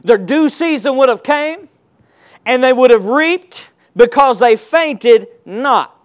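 A man preaching a sermon, calling on the congregation to answer back and stressing points with slow, emphatic delivery. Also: very high-pitched, animated. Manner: call-and-response preaching, rising to emphatic shouts.

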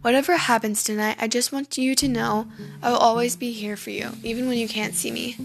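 A woman's voice: on the high side, fairly even intonation, a little fast, gravelly, faint music behind. A woman voicing Cinderella's mother, earnest and motherly, explaining things patiently. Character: Cinderella's mother, gentle, wise and urgent.

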